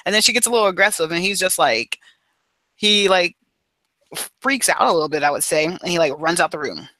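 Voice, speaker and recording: A man's voice: high voice, fairly quick, pushed and bright, no room sound, rough recording. A man co-hosting a podcast, summarizing a book in a loose, rambling way full of fillers. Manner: rambling and loose, with many fillers and casual paraphrase. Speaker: podcast co-host. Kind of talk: casual book review chat.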